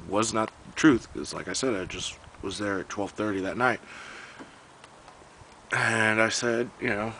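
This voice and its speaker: Brief: young man, lowish voice, ranting and cursing through a casual vlog story. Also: moderate pace, sharp tone, a little hiss or hum, low-quality recording. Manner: profane, exasperated storytelling.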